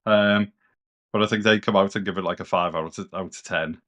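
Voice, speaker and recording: A man's voice: sits low, steady tone, a little fast, a bit bright, highs cut off. A British man chatting casually as a co-host on a gaming podcast, rambling and a bit sweary. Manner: rambling, loose and sweary, lots of "kind of".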